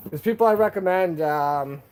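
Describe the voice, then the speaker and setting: A man's voice: sits high, moderate pace, darkish tone, clear, resonant tone. Laid-back slangy man chatting on stream. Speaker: live stream host. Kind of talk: casual live stream chat with viewers. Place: at home.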